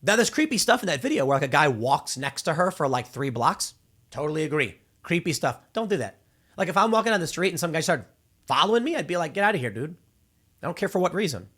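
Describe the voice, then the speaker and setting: A man's voice: on the high side, lively intonation, quick pace, a bit bright, slightly rough. A male host in his thirties giving casual opinion commentary, rambling and restarting with repeated words. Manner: acts out quoted people in exaggerated voices.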